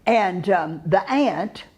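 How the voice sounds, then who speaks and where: A woman's voice: medium pitch, a little mellow, slightly rough. An older woman with a Texan accent, telling stories of her acting career to a live audience in a folksy way, chuckling often and wandering through fillers. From Texas. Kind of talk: unhurried storytelling to a live audience.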